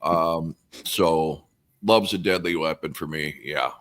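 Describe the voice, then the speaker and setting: Deep-voiced blunt sarcastic man. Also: takes it slowly, fairly bright tone. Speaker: podcast host. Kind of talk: casual album ranking chat.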